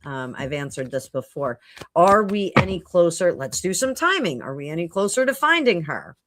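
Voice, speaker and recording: A middle-aged woman talks casually to her livestream viewers as a psychic, wandering through thoughts with lots of ums and restarts. Her voice sits on the lower side. A faint hiss runs under the recording. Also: very animated, normal speed. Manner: rambling, thinks aloud with many fillers and restarts. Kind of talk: casual livestream chat answering viewer comments. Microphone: computer mic at a home livestream.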